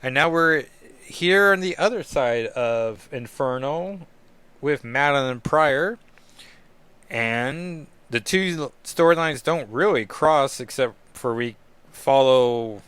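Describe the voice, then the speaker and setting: A man's voice: medium pitch, lively intonation, slow, fairly bright tone, smooth, no echo. A man hosting a comic book podcast, giving casual, rambling commentary with jokey asides.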